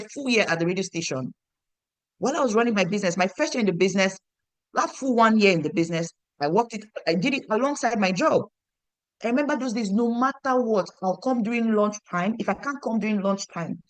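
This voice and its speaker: A woman's voice: medium pitch, no room sound. A woman with a Nigerian accent, coaching her business team in an online motivational training, emphatic and repeating herself for stress. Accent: Nigerian English. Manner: emphatic, repeats lines for stress, asks the audience questions.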